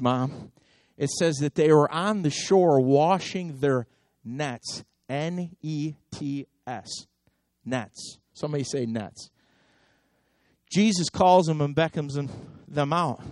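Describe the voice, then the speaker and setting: A man preaching a sermon as pastor, impassioned and repetitive, swinging between loud exhortation and hushed intensity. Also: on the high side, dry recording, clean studio sound. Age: adult.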